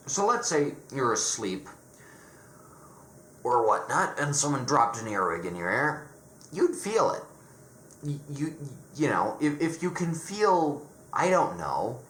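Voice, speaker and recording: A man's voice: medium pitch, a bit bright, echoey room, a little hiss or hum. A man giving an opinionated casual review, sarcastic and dismissive, often stumbling and restarting his words. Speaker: horror reviewer.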